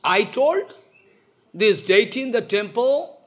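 Animated high-voiced male preacher. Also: takes it slowly. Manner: emphatic, repeats phrases, broken English. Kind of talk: sermon.

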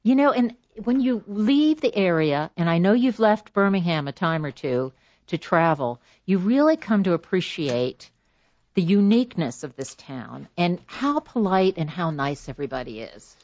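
A woman hosting a radio talk show, upbeat and quick to laugh, in casual chat with a guest in the studio. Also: lowish voice, sing-song, a little mellow, no room sound. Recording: dull, dry studio sound.

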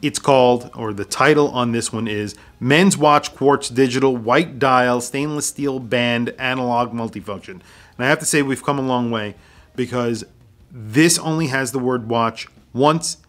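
A young man in a casual video review, poking dry fun at cheap watches. His voice sits in an ordinary middle pitch. He keeps the tone conversational and mildly sarcastic. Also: unhurried, fairly bright tone. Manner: dry, mocking humor.

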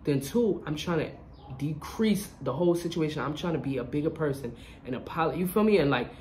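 A young adult vlogger tells a casual storytime in an animated, slangy way, often turning to listeners to check they follow. The voice sits at a middle pitch. A faint hiss runs under the recording. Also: fairly quick.

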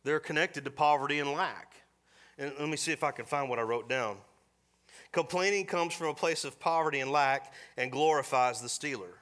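A middle-aged man preaching a sermon in a church, folksy and storytelling, slipping into quick voiced asides. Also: a little high, fairly bright tone. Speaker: pastor. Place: church sanctuary.

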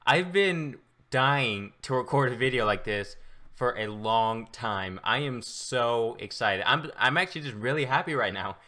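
A man giving excitable, boastful live commentary while playing a video game as a gaming YouTuber. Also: mid-range voice, unhurried.

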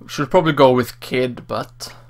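A man hosting a let's play, giving relaxed, casual commentary with mumbled asides. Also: medium pitch, normal speed.

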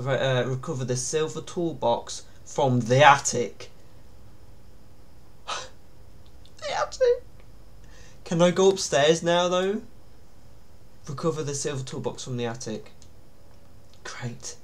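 A man's voice: mid-range voice, moderate pace. A man giving nervous, jumpy commentary while playing a horror game. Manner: jumpy, nervous, often pleading to himself. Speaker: gaming YouTuber.

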